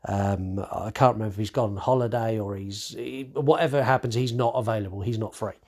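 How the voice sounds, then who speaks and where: A man's voice: lowish voice, a little fast, a little mellow. A man hosting a podcast, recapping a horror movie in casual chat, swearing freely and stumbling over restarts. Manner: swears freely, acts out characters' lines; many fillers and restarts. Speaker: podcast host.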